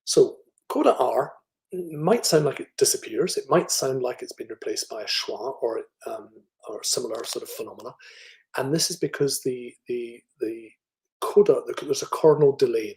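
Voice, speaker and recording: A man's voice: mid-range voice, normal speed, a little mellow, rough recording. Scottish man giving a phonetics lecture. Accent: middle-class Scottish. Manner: thoughtful, with fillers and restarts, demonstrating speech sounds. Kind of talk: academic online lecture.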